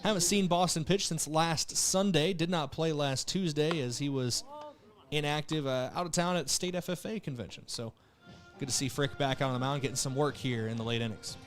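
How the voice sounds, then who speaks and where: A young man announcing a live baseball game from a press box, calling each pitch briskly and correcting himself on the fly. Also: faint music behind. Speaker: play-by-play announcer. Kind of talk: live radio and TV baseball commentary. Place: press box behind a window.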